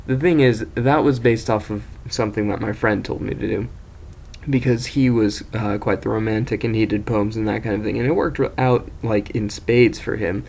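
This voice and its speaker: A man's voice: on the low side, fairly even intonation, moderate pace, gravelly, a little mellow, slight background noise. A young man casually telling an embarrassing story as host of his own video series, rambling, self-mocking and swearing freely.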